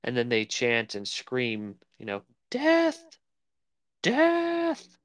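A man's voice: lowish voice, little pitch movement, a little slow, bright, forceful tone, clear, resonant tone, no room sound. A man co-hosting a casual film podcast, rambling and searching for words as he talks. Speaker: podcast co-host. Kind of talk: casual chat about film.

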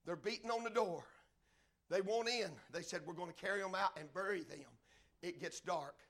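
A man preaching a sermon as a story, swinging from loud impassioned cries to hushed, low telling.

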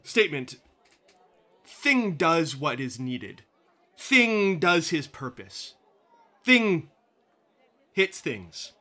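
A man's voice: on the high side, sing-song, extremely slow, long pauses, bright, forceful tone, some chatter behind, heavily acted. A man voicing a blunt male carnival construct who speaks of himself in the third person in short, terse statements. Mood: flat.

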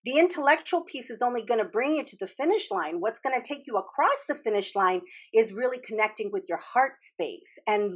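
A woman's voice: on the high side, breathy edge. A woman hosting a casual talk, explaining earnestly with frequent restarts and the odd swear word. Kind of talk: casual podcast chat about trauma healing.

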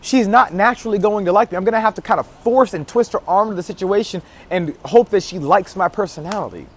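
A marketing vlogger with a high, fast voice gives casual marketing advice to his viewers on camera. He speaks emphatically, repeats key phrases, and restarts his sentences often.

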